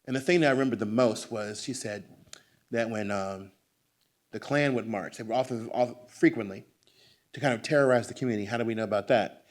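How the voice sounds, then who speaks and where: An American man giving a book talk in a bookstore, telling family stories to an audience and acting out the voices of his relatives. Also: medium pitch. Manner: animated, acts out family voices. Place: bookstore event room.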